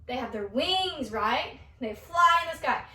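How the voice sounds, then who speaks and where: Bright, high-voiced dance teacher woman. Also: a little slow, distant mic. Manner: animated, coaxing, speaking to young children. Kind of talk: kids' movement class demonstration. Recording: echoey room, voice away from mic.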